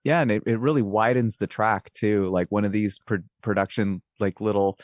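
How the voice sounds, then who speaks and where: A man's voice: lowish voice, fairly even intonation, moderate pace, dry recording, studio quality. A man co-hosting a podcast, talking casually about music production with many fillers. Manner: rambling, filler-heavy.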